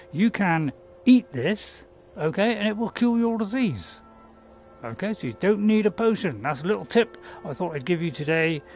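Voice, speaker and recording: A man's voice: on the high side, vocal fry, darkish tone, slight background noise. A man giving casual, rambling gameplay commentary while playing in virtual reality, joking with viewers and laughing at himself. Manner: chatty and playful, rambling with fillers and self-mocking laughs. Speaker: game streamer.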